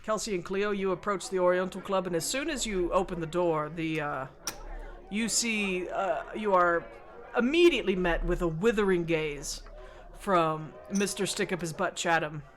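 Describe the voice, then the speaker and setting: A woman as game master of a tabletop horror game, chatty and quick to play the characters. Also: lowish voice. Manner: chatty, laughs often, plays the characters.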